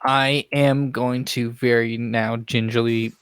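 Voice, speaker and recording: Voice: mid-range voice, little pitch movement, slow, smooth, dry recording, clean studio sound. A player in a tabletop game, talking casually and hesitantly.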